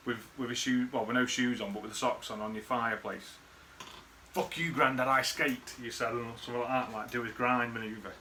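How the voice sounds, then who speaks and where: Guy, bright tense voice, rambling and sweary, faint background hiss. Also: medium pitch. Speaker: friend recording a birthday message. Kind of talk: casual rambling reminiscence.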